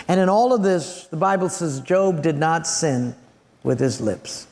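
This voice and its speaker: A man's voice: fairly high pitch, lively intonation, a little slow, a little mellow. A man preaching a sermon, telling a story with animation and acting out the scenes. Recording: long hall reverb.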